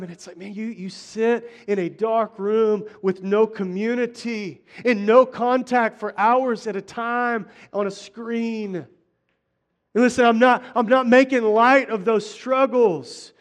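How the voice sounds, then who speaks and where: With a high voice, fairly even intonation and a measured pace, this middle-aged preacher delivers his sermon like a conversation. He keeps restarting phrases and speaks directly to the congregation.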